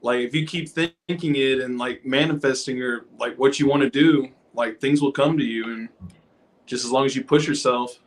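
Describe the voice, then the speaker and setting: A male wrestler answers a podcast question in a casual, loose way, scattering filler words through what he says. His voice sits at an ordinary middle pitch. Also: fairly even intonation, moderate pace. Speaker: guest professional wrestler.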